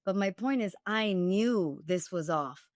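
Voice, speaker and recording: A woman's voice: mid-range voice, lively intonation, unhurried, no echo, studio quality. A woman dating coach and author, speaking directly and emphatically as a guest, with wry humor. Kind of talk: candid storytelling interview.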